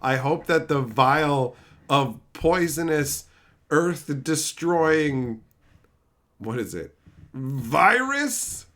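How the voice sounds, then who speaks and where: A middle-aged man ranting sarcastically at his live chat in casual, profane talk, breaking into loud mocking outbursts. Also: on the high side, animated, drawn-out words. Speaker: streamer reading live chat.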